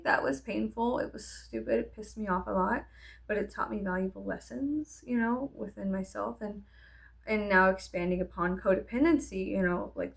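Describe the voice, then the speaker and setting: A woman's voice: medium pitch, gravelly, a bit bright. A woman vlogger telling a candid, rambling story in casual get-ready-with-me chat, swearing freely.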